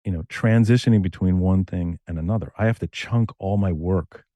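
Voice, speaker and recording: A Connecticut novelist and screenwriter in middle age talks as a guest in an easygoing interview, his stories tumbling out in quick, lively bursts. The recording is dry, and his pitch is low.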